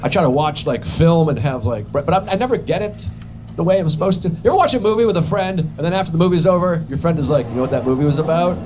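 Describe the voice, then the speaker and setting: A man doing a stand-up comedy routine, rambling and self-mocking, with crude jokes and quick voiced asides. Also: fairly high pitch, animated, a little mellow, slight background noise.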